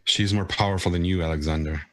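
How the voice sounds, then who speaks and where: A man's voice: low voice, steady tone, fast talker, dry recording, close to an everyday voice. A man voicing a commanding female vampire club owner in formal, grave speech.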